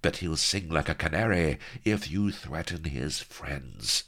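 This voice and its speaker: A man's voice: extremely low pitch, lively intonation, measured pace, fairly bright tone, full character voice. A man voicing a fierce, scornful female pirate captain who snaps orders and drawls cruelly. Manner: cruel drawl, snapping commands.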